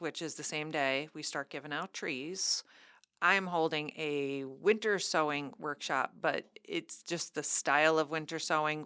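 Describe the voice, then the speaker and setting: A woman's voice: deep voice, bright, forceful tone, clean tone, dry recording, studio quality. A woman co-hosting a library podcast, reading event announcements with bubbly, enthusiastic asides in casual chat.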